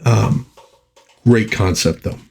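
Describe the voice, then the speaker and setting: A man's voice: fairly low pitch, slow pace, creaky, a little mellow, a little hiss or hum. A man hosting a casual comic book commentary in a chatty, enthusiastic manner.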